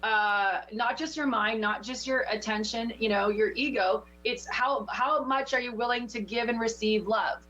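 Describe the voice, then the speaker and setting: A woman with a fairly high voice coaches someone through a card reading, talking with passion and a preacher's push. The sound is dull and lo-fi, like local TV audio. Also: normal speed, hardly any pauses, a bit bright, a little hiss or hum. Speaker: spiritual teacher giving oracle card readings. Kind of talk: intuitive coaching chat.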